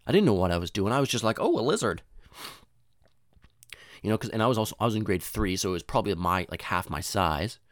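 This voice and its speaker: A young man telling a long comic story in a loose, rambling way, swearing often and saying "dude" and "you know", with restarts and sudden high voices for the people he quotes. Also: very fast, hardly any pauses, dry recording, studio quality.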